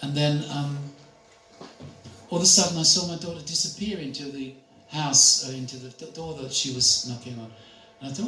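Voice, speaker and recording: An older man gives a spiritual talk, telling stories in a chatty way and laughing along. His voice sits a little high. He sounds distant from the mic in an echoey room, with faint background noise. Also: steady tone, normal speed, sharp tone. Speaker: spiritual speaker.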